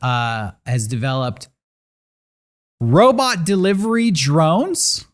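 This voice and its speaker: Animated man telling news stories. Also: on the high side, takes it slowly. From San Diego area. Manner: animated storytelling with sarcastic asides. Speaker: podcast co-host. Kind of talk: casual podcast chat.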